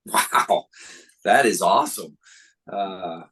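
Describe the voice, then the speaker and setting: Bright-voiced, encouraging male interviewer. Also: sits low, animated, takes it slowly, slightly rough. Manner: encouraging, short affirmations. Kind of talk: casual interview.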